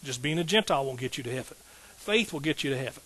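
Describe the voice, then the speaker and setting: A man's voice: mid-range voice, expressive, fast, a bit bright, husky, rough recording. A middle-aged man, a pastor preaching a sermon in an emphatic call-and-response style with rising outbursts.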